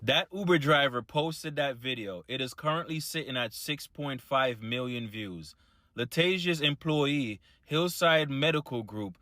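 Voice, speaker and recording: Man commentator, matter-of-fact and disapproving, crisp forceful tone. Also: on the high side, no room sound, clean studio sound. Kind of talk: news-style reaction commentary.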